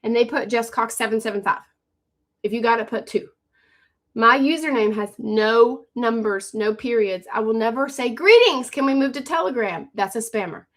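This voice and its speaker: Brisk bright-voiced woman pitching live. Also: steady tone. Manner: urgent, pushy, repeats herself, calls out viewers by name. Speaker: livestream host selling online courses. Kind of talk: fast sales pitch on a live stream. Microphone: phone on a live stream.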